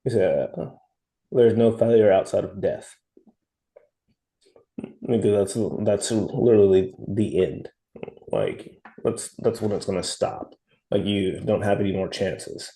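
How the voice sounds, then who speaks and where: A man's voice: lowish voice, slow pace, gravelly, pauses often, mellow, low-quality recording. A man co-hosting a podcast in casual chat, blunt and emphatic, swearing freely. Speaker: podcast co-host.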